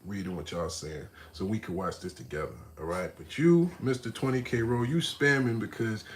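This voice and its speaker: A man hosts a casual live stream, reacting to a video and talking straight to his chat in street slang. Animated and mocking, he drops to low mutters before bursting out loud, speaking at normal speed over a little hiss or hum.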